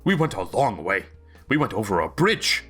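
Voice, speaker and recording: A man's voice: on the low side, very animated, fairly bright tone, breathy edge, soft background music, heavily acted. A man doing an eager simple-minded telepathic dog. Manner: short halting sentences, eager and earnest.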